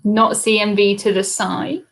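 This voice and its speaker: A woman's voice: mid-range voice, steady tone, unhurried, a little hiss or hum. A British woman hosting a live cruise trivia stream in a chatty, casual way, reading out viewers' comments and answering them into a laptop webcam mic.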